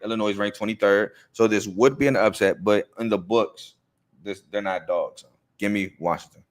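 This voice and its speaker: Man, low-pitched, sports show host, casual game-preview talk, conversational, confident picks. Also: fairly bright tone. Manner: loose and conversational, with fillers and self-corrections.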